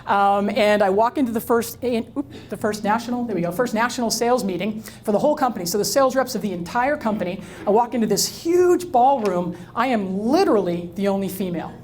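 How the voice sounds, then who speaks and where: Middle-aged woman telling a lively story. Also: medium pitch, fairly quick, few pauses, slight background noise. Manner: lively storyteller who acts out dialogue and quizzes the audience. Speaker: speaker. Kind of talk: live talk to an audience.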